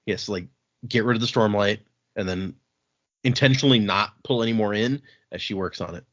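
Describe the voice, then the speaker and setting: A man's voice: lowish voice, brisk, fairly bright tone, highs cut off. A man hosting a podcast, casually retelling book scenes and acting out the characters' quoted lines. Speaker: podcast host.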